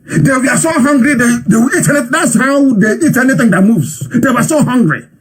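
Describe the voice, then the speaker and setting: A man's voice: very high voice, lively intonation, fairly quick, breathy edge. A man giving impassioned live commentary, scolding his listeners with fiery rhetorical questions.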